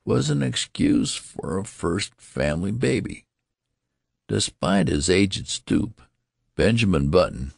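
Deep, gravelly male audiobook narrator. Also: dry recording, clean studio sound. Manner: slow, measured reading with lively dialogue voices.

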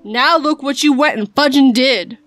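A woman's voice: high voice, normal speed, a bit bright, no room sound, voice pushed up. A woman voicing a furious older man with an American Southern accent, a great uncle speaking in an icy, clipped way, in a storybook horror reading.

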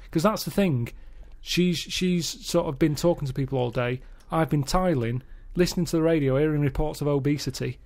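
A man chatting on a podcast, recounting his routine with a deadpan, unbothered delivery. His voice sits a little higher than most men's, and he rarely sounds excited. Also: a little fast, few pauses. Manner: deadpan, matter-of-fact storytelling. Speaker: podcast regular. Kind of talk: casual podcast chat.

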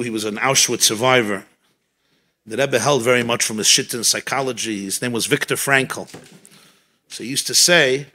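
A man, a rabbi, giving a farbrengen talk at a gathering, telling stories and teaching with Yiddish and Hebrew phrases mixed in. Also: mid-range voice. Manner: storytelling, animated, sprinkled with Yiddish and Hebrew. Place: gathering in a home.

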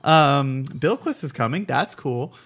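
A young man co-hosting a casual TV review chat, animated and acting out scenes with laughs. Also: mid-range voice, slow. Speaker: co-host of a TV review show.

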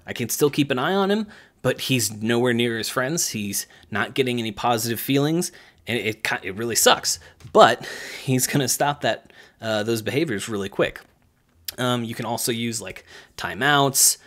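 Male coach, mid-pitched, loose and chatty delivery, full of fillers. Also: a bit bright. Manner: loose, chatty, many fillers, acts out kids and stern lines. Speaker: gymnastics coach. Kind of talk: casual coaching talk to camera.

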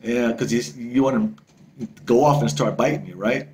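Man, travel vlogger, casual storytelling, excitable, swearing, repetitive, mid-pitched voice. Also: moderate pace, a little hiss or hum. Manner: excitable, swears freely, repeats himself.

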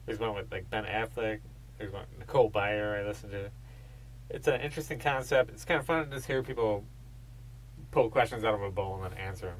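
Dude cohosting a podcast, rambly and laid back, swears a lot, laughs mid story. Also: male voice, fairly low pitch, a little fast, slight background noise, rough recording. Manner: rambling, swears casually, laughs while telling stories. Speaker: podcast co-host. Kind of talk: casual chat.

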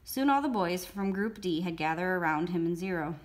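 A woman storyteller reading a novel aloud in a steady, expressive way. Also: fairly low pitch, fairly quick. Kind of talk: read-aloud book narration.

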